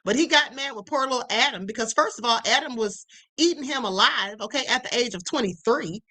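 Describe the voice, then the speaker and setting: Hosting a live stream, a woman with a slightly high, sharp voice and a fairly quick pace gives emphatic casual commentary. She keeps saying "okay" and calls her viewers "honey," laughing and teasing them.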